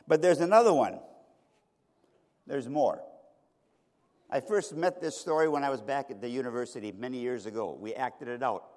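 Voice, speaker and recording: A middle-aged male pastor preaching a sermon, telling a story dramatically with sharp swings between loud and soft. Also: medium pitch, moderate pace, pauses often. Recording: reverberant hall.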